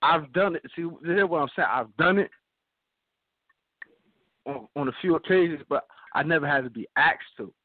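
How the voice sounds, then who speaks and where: Male co-host, mid pitch, relaxed conversational delivery, dry phone-quality audio. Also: normal speed, long pauses, no echo. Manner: laid-back, keeps asking "you feel me?". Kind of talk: casual radio chat. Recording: dry, tinny phone-like sound.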